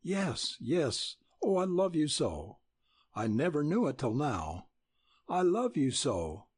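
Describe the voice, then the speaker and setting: A trembling young woman in love, tearful and faltering, her voice lifted higher and wavering over a lively, swinging pitch, as a male audiobook reader voices her. It sounds husky and close, read slowly from a storybook. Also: no echo, exaggerated voice.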